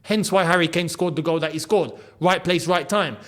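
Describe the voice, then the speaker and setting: Animated man ranting about football. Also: high voice, normal speed, hardly any pauses. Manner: animated, repeats points for emphasis. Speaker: football channel host.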